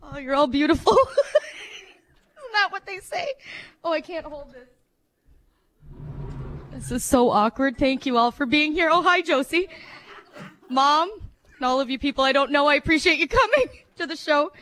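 A woman's voice: sits high, lively intonation, unhurried, long pauses, a bit bright. A woman doing a nervous, rambling stand-up set, laughing at herself between jokes. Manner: nervous, giggly, rambling, self-deprecating. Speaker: radio host doing stand-up.

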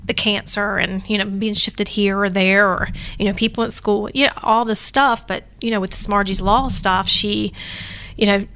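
A woman's voice: medium pitch, steady tone, normal speed, a bit bright, slight background noise. A woman, a guest telling an emotional personal story in a casual interview, with many fillers. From Georgia, US.

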